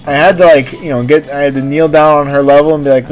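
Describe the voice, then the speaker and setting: A man's voice: a little high, fairly even intonation, quick pace, hardly any pauses, faint music behind. A man hosting a livestream, chatting in a rambling, casual way full of "like" and "you know". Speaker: livestream host.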